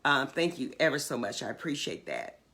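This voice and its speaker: Bright-voiced older woman hosting a livestream. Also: a bass voice, breathy edge. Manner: emphatic, drawn-out, animated selling and urging. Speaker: livestream host. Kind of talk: casual livestream chat and announcements.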